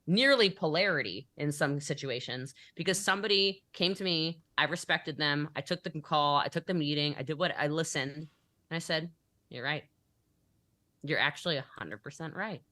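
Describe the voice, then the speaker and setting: A woman's voice: on the low side, pushed and bright, no echo. A young adult woman talking as a business coach in a motivational podcast interview, emphatic and acting out the conversations she quotes.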